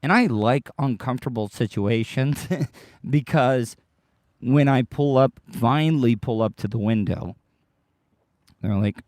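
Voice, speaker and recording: Male podcast host, strained tired voice, excitable rambling delivery, dry close sound. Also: medium pitch, a little slow, no echo. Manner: excitable, swears casually. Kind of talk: rambling livestream chat.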